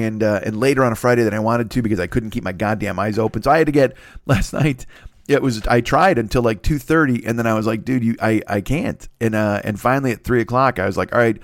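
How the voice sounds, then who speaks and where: A man's voice: mid-range voice, dry recording, clean studio sound. Rambling, profane man in his fifties. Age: 50s. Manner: rambling, profane, self-deprecating, many restarts. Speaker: podcast host. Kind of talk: casual solo monologue.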